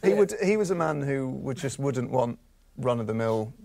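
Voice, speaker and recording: A man telling a story on a comedy podcast in a relaxed, offhand way. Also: medium pitch, moderate pace, gravelly. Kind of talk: casual anecdote telling.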